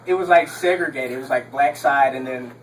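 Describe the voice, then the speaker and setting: A man's voice: mid-range voice, fairly quick, far from the mic, low-quality recording. A young man from Texas doing a stand-up comedy set on a club stage, rambling with lots of ums and laughing at his own jokes.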